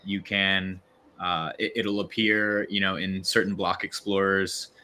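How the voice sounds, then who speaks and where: Guy w a lowish bright voice, lots of uhs and ums, chatting on a video call. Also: little pitch movement, measured pace. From Virginia. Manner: hesitant, many fillers and restarts. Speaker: growth lead guest. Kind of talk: casual livestream interview.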